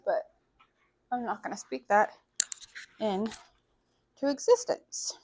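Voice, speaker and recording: A woman's voice: fairly low pitch, very animated, moderate pace, long pauses, darkish tone, husky. A woman in her forties, vlogging in a frank, casual way with lots of swearing and filler words. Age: 40s. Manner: frank and profane, filler-heavy, chatty. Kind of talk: candid casual vlog chat.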